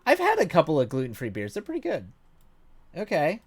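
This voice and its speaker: Husky and a little high, this man's voice swings hugely in pitch at a slightly fast clip. He's a livestream gamer in his thirties gaming at home at night, chatting casually and self-deprecatingly with viewers, rambling with many fillers and idle humming.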